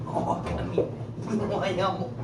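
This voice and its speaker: A woman's voice: mid-range voice, a little slow. A woman coaxing and teasing her pet dog in a casual home video. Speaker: dog owner. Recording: roomy, distant, noisy home video.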